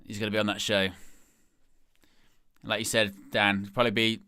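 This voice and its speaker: A man's voice: fairly low pitch, level tone, normal speed, bright, forceful tone, smooth, no room sound, clean studio sound. A man hosting a live stream, giving casual watch-along commentary and thinking aloud as he talks.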